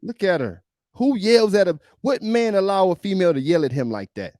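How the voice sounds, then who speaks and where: A man's voice: sits high, very animated, fairly quick, a little mellow, dry recording, raised voice, clean studio sound. A male podcast host giving emphatic, preachy reaction commentary on a video, often repeating himself.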